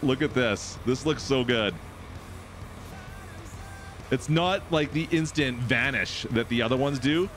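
A man streaming live farm gameplay, chatting excitably with his viewers and talking to the game. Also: medium pitch, unhurried, pauses often, soft background music. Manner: excitable, chatty, talks to chat.

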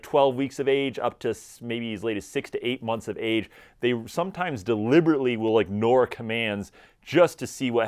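A man giving energetic, conversational dog training advice directly to his viewers. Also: medium pitch, clear, resonant tone. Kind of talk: instructional talk to camera.

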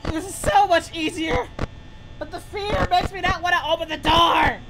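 A shrill, panicky Goku. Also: male voice, steady tone, moderate pace, vocal fry, low-quality recording. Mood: scared. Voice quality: high, strained cartoonish voice. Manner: panicky, yelling, crude insults. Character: brash, crude adult male anime hero Goku. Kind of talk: comedic in-character gameplay commentary. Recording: loud game music behind.

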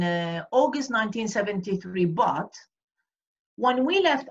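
A woman from Iraq, answering questions at an online event and often pausing to search for words. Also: on the high side, fairly bright tone, dull audio. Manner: hesitant, searching for words with many fillers. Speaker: guest speaker. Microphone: video call.

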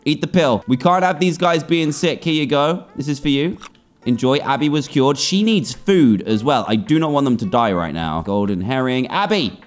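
A man's voice: medium pitch, lively intonation, moderate pace. A man hosting a gaming channel, giving let's-play commentary and chattering and exclaiming at the animals in the game.

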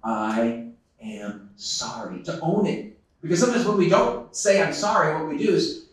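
A man's voice: high-pitched, brisk. A man giving a conference talk to a live audience. He tells a story earnestly, laughs often and restarts his sentences. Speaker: conference speaker. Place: large conference hall. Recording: echoey hall, distant microphone.

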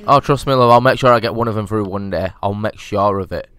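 A man's voice: lowish voice, fast talker, fairly bright tone, clean tone, no echo, faint music behind. A young man doing casual, sweary let's-play commentary as a gaming YouTuber. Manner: sweary, cheeky, chatty.

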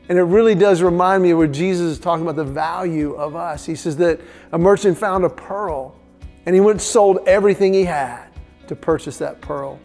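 This middle-aged devotional host has a high-pitched, gravelly voice. He shares a family story, animating the characters' dialogue, then drops into a quiet, hushed register for the reflective moments.

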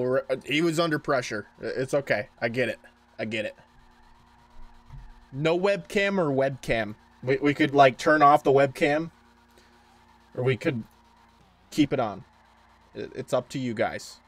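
A man streaming a car game live, chatting casually with his viewers, swearing and joking a lot. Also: mid-range voice. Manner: profane, joking, talks to chat. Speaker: livestream gamer. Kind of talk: casual gaming livestream commentary.

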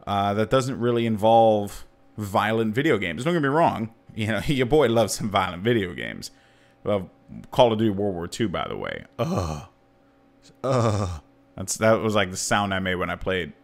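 A man in his thirties hosting a podcast, chatting casually and jokily, with his voice leaping up to stress points. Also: lowish voice. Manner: animated and jokey, voice leaping up for emphasis. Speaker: podcast host. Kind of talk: casual chat.

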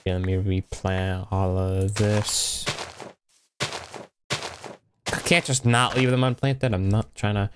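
A man's voice: on the low side, fairly even intonation, measured pace, long pauses, background noise. A young man giving casual, rambling commentary while playing a block-building game, talking to himself as he goes. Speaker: gaming YouTuber. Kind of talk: casual Minecraft let's play commentary.

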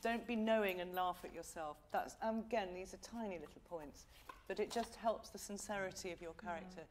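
A woman's voice: medium pitch, fairly quick, background noise. English woman coaching a singer. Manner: encouraging, demonstrates phrases aloud. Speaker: masterclass teacher. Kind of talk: vocal masterclass coaching.

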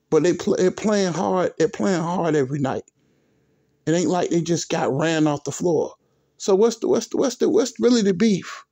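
A man's voice: fairly high pitch, vocal fry, warm tone. A man hosting a sports vlog, ranting in an exasperated, repetitive, profane way with speech. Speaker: sports video host.

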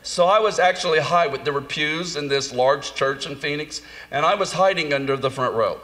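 A man telling a humorous, self-mocking story in a sermon, animated and jumping into high voices for comic asides. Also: normal speed. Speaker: conference speaker. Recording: long hall reverb, faint room noise.

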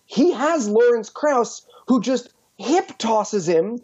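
A woman's voice: fairly high pitch, expressive, takes it slowly, a little mellow, husky, no echo, muffled recording. A woman guesting on a podcast, joking and riffing in casual comedic chat.

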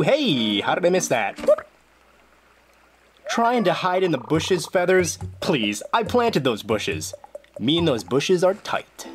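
Lively gameplay narrator, jokey and excitable, game music audible in the background. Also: mid-range voice, slow. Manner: playful, jokey, excitable outbursts. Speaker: gameplay video journal host. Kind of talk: casual gameplay commentary. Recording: game music clearly behind the voice.

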